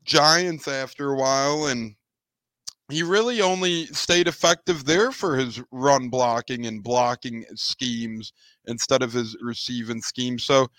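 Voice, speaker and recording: A man co-hosting a casual sports podcast, upbeat and measured, building on his partner's points. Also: medium pitch, a bit bright, no echo. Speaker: podcast co-host.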